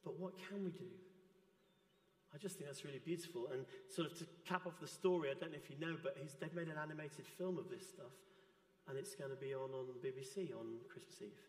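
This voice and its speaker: A man preaching a sermon in a church, gentle and earnest. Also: fairly high pitch, fairly quick, echoey room, in a large hall. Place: church hall.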